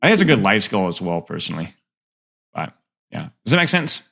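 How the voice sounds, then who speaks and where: A man's voice: sits low, very animated, brisk, vocal fry, pushed and bright. Nasal-sounding male coach, rambling. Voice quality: self-described nasal voice. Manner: rambling, filler-heavy, frank. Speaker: game coach. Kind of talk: casual coaching session.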